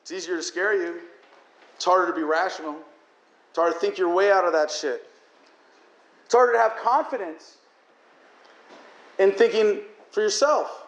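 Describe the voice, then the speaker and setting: A man's voice: sits high, normal speed, long pauses, a bit bright. A man giving an emotional, profane political speech to a crowd, his voice cracking toward tears as he rants. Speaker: political speaker. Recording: echoey hall.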